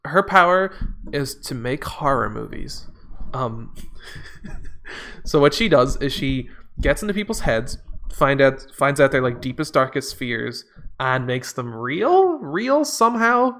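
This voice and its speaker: A man's voice: medium pitch, very animated, slow pace, fairly bright tone. A man in casual chat, recapping a movie with sarcastic, profane jokes and frequent laughs. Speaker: podcast co-host.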